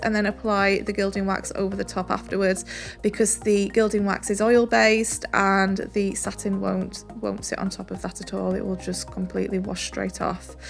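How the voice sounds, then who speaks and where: A woman narrating a furniture painting tutorial, relaxed and chatty, with soft music behind. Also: mid-range voice, vocal fry. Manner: relaxed, chatty, says "um" and "really, really" often. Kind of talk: step-by-step painting tutorial voice-over.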